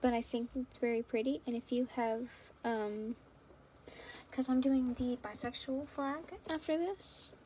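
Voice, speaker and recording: A young woman with a somewhat high voice, chatting casually and rambling on to her viewers. She giggles often and sounds affectionate. A faint hiss sits under the recording. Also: steady tone, unhurried, mellow. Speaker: fan video creator.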